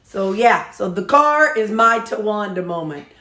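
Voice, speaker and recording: A woman's voice: medium pitch, expressive, a little slow, roomy sound, heavy background noise. A woman chatting casually while she makes supper, rambling through a story with lots of ums. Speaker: vlogger showing her meals.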